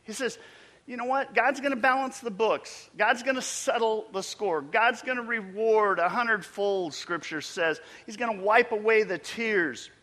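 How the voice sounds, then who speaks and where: A male pastor preaching a sermon with emphatic delivery, building to loud peaks and then dropping almost to a whisper. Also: high voice, normal speed, in a large hall.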